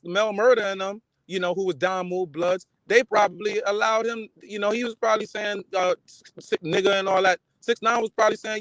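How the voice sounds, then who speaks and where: A man's voice: high voice, fairly bright tone, dry recording, low-quality recording. Streetwise New York man, dry sound. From the Bronx, New York. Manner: streetwise, rambling, emphatic. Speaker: livestream host reading chat. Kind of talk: casual livestream talk.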